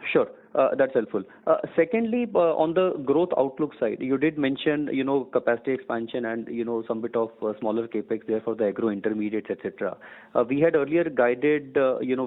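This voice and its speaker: Polite male analyst on a phone line. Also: medium pitch. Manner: polite, hesitant, many fillers. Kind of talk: earnings call questions.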